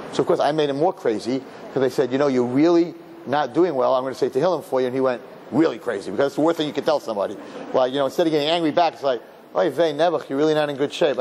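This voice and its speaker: A man, a rabbi, giving a lively Torah lecture to an audience, acting out other people and dropping in Yiddish and Hebrew words. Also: slight background noise. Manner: animated, acts out people with high voices, Yiddish and Hebrew words. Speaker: rabbi teaching a class.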